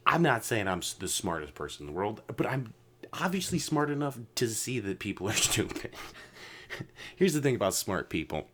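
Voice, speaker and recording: A man hosting a casual podcast, ranting with lots of swearing, jumping between loud outbursts and low mutters. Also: very animated, moderate pace, a little hiss or hum. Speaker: podcast host.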